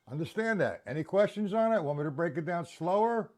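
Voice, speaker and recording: A man's voice: high-pitched, animated, fairly quick, few pauses, loud music behind the voice. A man teaching a live-streamed drum lesson, counting beats aloud and checking in with viewers.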